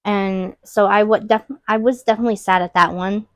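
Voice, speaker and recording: Young woman podcast cohost, soft and open, lots of "like", dry sound. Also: mid-range voice, steady tone, fairly quick, dry recording. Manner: open, soft-spoken storytelling with many "like" fillers. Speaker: podcast co-host. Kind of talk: casual heart-to-heart chat.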